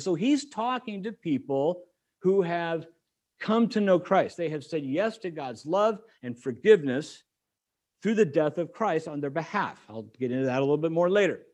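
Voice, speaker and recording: Male pastor, middle-aged, slightly higher voice, chatty sermon with jokes. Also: animated, normal speed, darkish tone. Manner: conversational, joking asides to the congregation.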